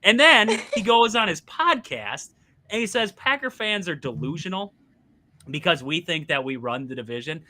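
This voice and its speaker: A man with a very bright, forceful voice, pitched a little high, ranting animatedly about football. He talks casually on a sports podcast, exasperated and quick to laugh. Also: lively intonation. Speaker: podcast co-host.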